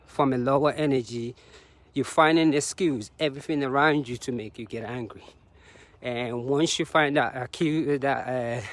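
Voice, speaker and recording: A man talking to the camera while jogging outdoors on a road, slightly out of breath and sharing reflective, motivational thoughts with frequent laughs. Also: medium pitch. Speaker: vlogger. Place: outdoors on a road beside traffic.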